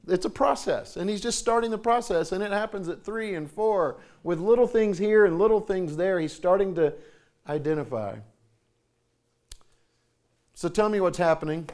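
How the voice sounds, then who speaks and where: Forties male conference speaker, folksy and animated with quoted voices, a bit high. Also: moderate pace. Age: 40s. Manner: folksy, acts out quoted voices with jumps in pitch. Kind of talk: conference talk.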